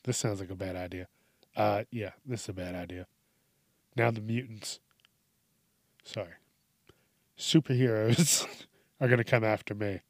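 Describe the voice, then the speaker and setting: A man's voice: fairly low pitch, steady tone, unhurried, pauses often, no echo, studio quality. A man hosting a podcast alone, rambling through a casual, profane, self-mocking monologue. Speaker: podcast host.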